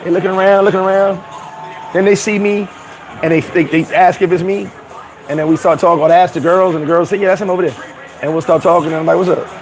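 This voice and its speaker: A man's voice: high voice, steady tone, fast talker, soft background music. A man vlogging in a casual rant to camera, brash and profane, boasting and laughing often. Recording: noisy outdoor street recording.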